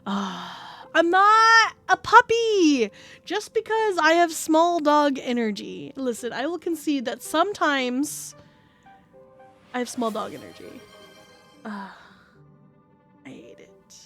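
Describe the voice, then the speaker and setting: Excitable high-voiced woman streamer. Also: slow pace, long pauses, soft background music. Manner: excitable, gushing, breaks into squeals and laughs. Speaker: VTuber streamer. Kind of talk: casual livestream chat.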